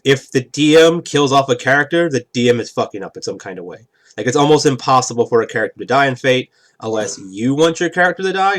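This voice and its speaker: A man explaining the rules of a tabletop game in a rambling, casual way, often checking in with "right?". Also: medium pitch. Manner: rambling, keeps asking "right?".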